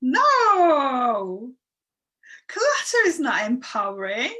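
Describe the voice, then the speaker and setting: Bright, chatty woman coach. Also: medium pitch, a little slow. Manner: chatty and encouraging, with frequent ums. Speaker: online workshop host and coach. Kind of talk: live-streamed teaching, reading viewer comments.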